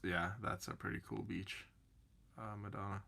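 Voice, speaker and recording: A man's voice: lowish voice, flat delivery, moderate pace, vocal fry, bright, forceful tone. A man streaming and chatting casually with his viewers, rambling and calling them by name. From Canada. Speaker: streamer answering chat. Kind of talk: casual chat.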